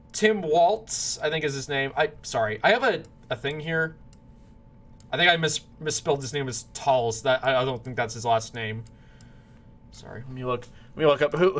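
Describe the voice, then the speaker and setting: In a fairly high, slightly bright voice, a male political commentator offers casual predictions. He rambles, frequently starts over, and says sorry when he stumbles on names.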